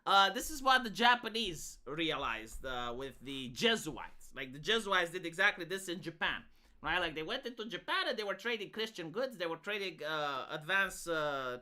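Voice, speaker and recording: Bright, lively woman. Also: lowish voice, normal speed. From Romania. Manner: rambling, filler-heavy, frequent restarts. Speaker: live streamer. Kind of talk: casual live stream commentary.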